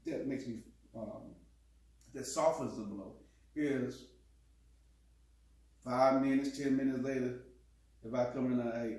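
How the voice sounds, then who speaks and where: A man in casual chat with his partner, telling animated stories and acting out quotes with laughs. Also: medium pitch. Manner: animated, laughing storyteller who acts out quotes. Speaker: co-host. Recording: echoey room, distant mic.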